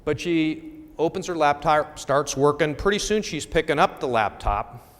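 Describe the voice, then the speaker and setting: A man's voice: on the high side, animated, normal speed, fairly bright tone, in a large hall. A middle-aged man presenting at a talk, telling a wry story in a conversational way with frequent check-ins to the audience.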